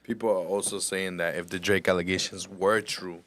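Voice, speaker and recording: Man, very low voice, flat delivery, relays chat comments, casual. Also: a little fast. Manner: matter-of-fact, relays what people say.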